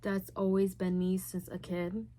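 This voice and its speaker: A woman's voice: on the low side, completely flat delivery, unhurried, mellow. Candid chatty young woman vlogger. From Puerto Rican heritage. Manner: candid and chatty, heavy use of "like". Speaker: YouTuber. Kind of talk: casual Q&A vlog.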